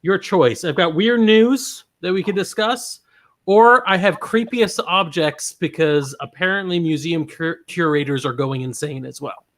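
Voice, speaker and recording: A man's voice: fairly high pitch, measured pace, fairly bright tone. A man co-hosting a casual comedic chat over a video call, dry and sardonic, steering the show. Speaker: co-host.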